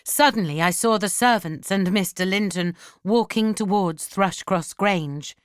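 A woman narrating an audiobook in a measured, even storytelling manner. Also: lowish voice, clear, resonant tone, dry recording, studio quality.

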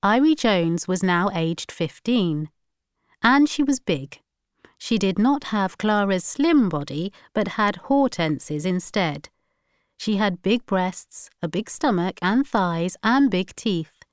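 A woman narrating a novel chapter in a measured, even reading. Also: medium pitch, smooth, dry recording, clean studio sound. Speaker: audiobook narrator. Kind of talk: scripted narration.

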